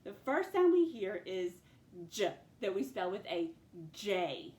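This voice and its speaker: Slow, deliberate woman teaching phonics. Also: medium pitch, animated, a little mellow. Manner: slow, stretched sounding-out of words. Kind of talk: phonics dictation lesson. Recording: echoey room with faint ambience.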